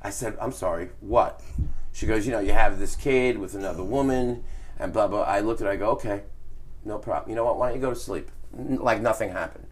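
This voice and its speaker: A man's voice: on the low side, brisk. A man telling a story in casual, profane podcast chat. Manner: storytelling, profane, laughs often. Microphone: phone.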